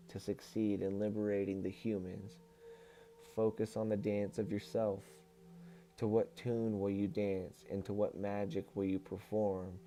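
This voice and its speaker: Flat, dark-voiced man reading aloud. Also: lowish voice. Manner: calm, measured reading, turning casual and friendly when greeting chat. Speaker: livestream host reading aloud. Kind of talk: reading a book aloud on a livestream, chatting with viewers.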